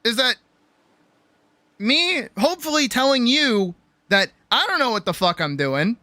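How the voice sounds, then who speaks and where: A woman's voice: a little high, big pitch swings, measured pace, sharp tone, dry recording. A woman streamer giving a rambling, profane pep talk in casual livestream chat. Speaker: streamer and artist.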